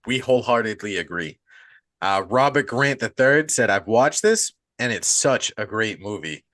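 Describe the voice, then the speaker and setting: A man's voice: fairly low pitch, expressive, normal speed, a bit bright, no room sound. A man hosting a horror movie podcast in loose, casual chat, swearing freely and joking around. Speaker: podcast host.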